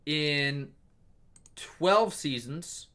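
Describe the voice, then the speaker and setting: A young man in his twenties hosting a casual solo podcast, gushing excitably and swearing as he talks. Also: a little high, very slow. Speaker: podcast host.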